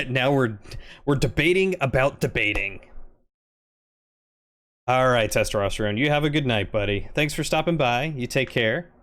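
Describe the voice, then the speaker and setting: A man with a deep voice, casually chatting and reflecting while streaming a video game. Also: moderate pace, hardly any pauses, a bit bright. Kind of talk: casual chat while playing. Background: game music.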